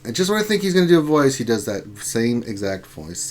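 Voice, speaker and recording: A man's voice: mid-range voice, sing-song, a little fast. A man hosting a casual gaming livestream, joking around, laughing often and reading out viewer comments. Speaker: livestream host reading chat.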